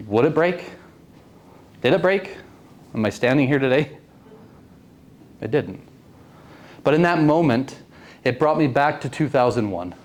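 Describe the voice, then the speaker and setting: A man in his late thirties tells a personal story to a networking group in a meeting room, earnest and often asking the audience questions. His mid-range voice is expressive and a little slow, with long pauses.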